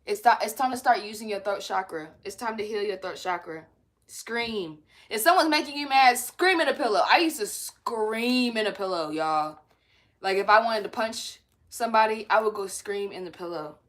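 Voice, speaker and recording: A woman's voice: medium pitch, moderate pace, fairly bright tone. A young woman hosting a spiritual self-help talk from home, mixing blunt, profane, laughing chatter with read-aloud guidance. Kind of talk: casual spiritual pep talk to viewers.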